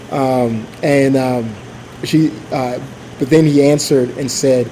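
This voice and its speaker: A man's voice: mid-range voice, fairly even intonation, slow pace, warm tone, a little hiss or hum, rough recording. A man giving an informal sermon at church, speaking casually with many fillers, restarts and asides. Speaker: church leader.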